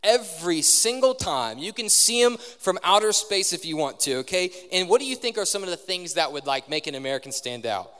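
A man's voice: high-pitched, sing-song, fairly quick, few pauses, a bit bright. A young man preaching a sermon to a live audience in a large church hall, talking conversationally and quizzing the crowd. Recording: long hall reverb from a live service.

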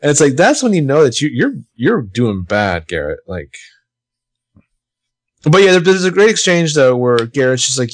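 Lively, profane man in casual chat. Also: mid-range voice, normal speed, no room sound. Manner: animated, profane, jokey asides. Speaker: podcast co-host.

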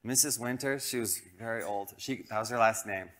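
A man's voice: fairly low pitch, fairly quick. Pastor guy telling a funny story in his sermon, self-deprecating, does little voices. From Colorado, United States. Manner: animated, self-deprecating, acts out quoted voices.

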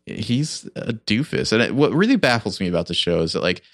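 A man's voice: on the low side, big pitch swings, brisk, fairly bright tone, dry recording, clean studio sound. A man in his forties chatting casually as a podcast co-host, rambling and full of fillers. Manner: rambling, filler-heavy fan critique. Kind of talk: casual chat.

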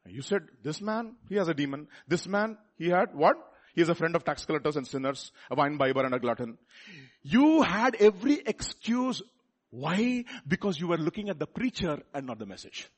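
A man with a Telugu accent preaching a sermon, repeating words and building up to loud rhetorical questions. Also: on the high side, big pitch swings, normal speed. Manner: repeats words and restarts phrases.

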